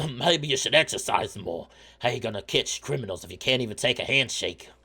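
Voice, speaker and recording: A man voicing a big, brawny male shark dockworker with an attempted Welsh accent, teasing in a rough, jokey way in a game playthrough. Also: medium pitch, animated, a little fast, pushed and bright, heavily acted.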